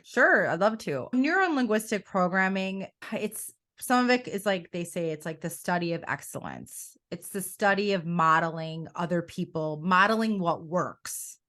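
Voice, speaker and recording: A middle-aged woman coach in a conversational interview, telling her story in an animated way and often quoting her own past thoughts. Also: on the low side, normal speed, few pauses. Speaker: coach and academy founder.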